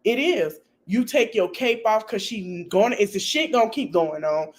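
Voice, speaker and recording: A woman's voice: medium pitch, animated, normal speed. Emphatic scolding woman livestreamer. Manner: emphatic, repetitive, scolding advice with profanity. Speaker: livestream host. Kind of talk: casual livestream commentary.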